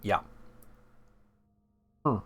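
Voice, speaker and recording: A British man chatting playfully with his live-stream audience while he plays a game. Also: extremely slow. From Britain. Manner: animated, playful, talks back to chat.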